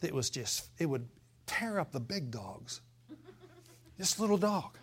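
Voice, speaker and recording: A man's voice: a little high, big pitch swings, a little slow, breathy edge. A pastor preaching to his church. He is folksy and fiery and keeps asking the congregation for an amen. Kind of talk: sermon.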